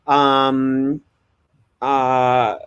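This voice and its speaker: A man hosting a casual podcast chat, telling a family story with lively acted-out bits. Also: mid-range voice, clean tone, dull audio. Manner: animated storytelling, quick bursts.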